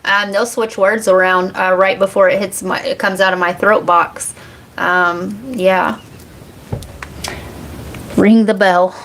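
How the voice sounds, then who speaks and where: Slow-talking chatty woman. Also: mid-range voice, steady tone, a bit bright, slight background noise. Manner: chatty, laughs often, curses freely. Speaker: psychic reader on a livestream. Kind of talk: casual live chat reading comments.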